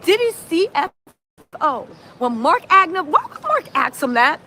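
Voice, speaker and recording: A woman's voice: very high voice, very animated, a little slow, pushed and bright, slight background noise. A woman giving casual gossip commentary straight to her viewers, acting out courtroom exchanges as she goes.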